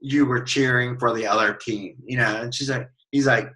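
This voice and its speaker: Bright-voiced man telling a story animatedly. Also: mid-range voice, moderate pace, hardly any pauses, low-quality recording. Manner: animated, acts out quoted voices, laughs along. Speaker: team member telling a story on a call. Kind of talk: casual storytelling.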